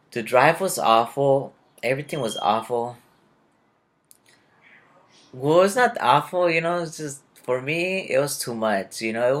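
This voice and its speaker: Young man, vlogger, rambling anecdote, lots of "you know" and backtracking, mid-pitched. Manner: chatty and restless, full of fillers and self-corrections. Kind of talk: rambling personal storytelling to camera.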